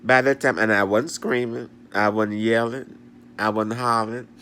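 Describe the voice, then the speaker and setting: A man's voice: lowish voice, fairly even intonation, moderate pace, pushed and bright, a little hiss or hum. A man telling a story at home, laughing a lot and retelling it dramatically. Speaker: vlogger. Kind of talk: animated storytime rant. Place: bedroom at home.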